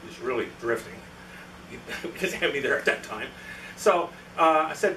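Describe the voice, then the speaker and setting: A man's voice: fairly high pitch, brisk, sharp tone, slight background noise. A man giving a storytelling talk to a club meeting, acting out the voices of the people in his anecdote. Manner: anecdotal, acts out quoted dialogue. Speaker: guest presenter at a club meeting. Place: meeting room. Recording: echoey room, mic from far off.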